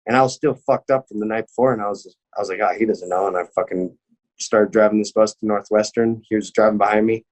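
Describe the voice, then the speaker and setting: A man's voice: lowish voice, steady tone, fast talker, a little mellow. A young man, an MMA fighter, telling a story in casual chat, cursing constantly and acting out the people he quotes.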